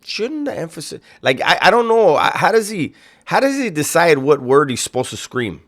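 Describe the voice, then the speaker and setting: A man's voice: on the high side, sing-song, normal speed, fairly bright tone. Sarcastic, profane reaction host man. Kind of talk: casual commentary.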